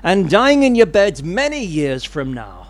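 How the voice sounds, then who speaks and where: A man putting on a rough Scottish accent to voice a fierce rebel leader giving a rousing battle speech to his army. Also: high-pitched, very animated, a little slow, no room sound, full character voice. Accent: Scottish, put on badly.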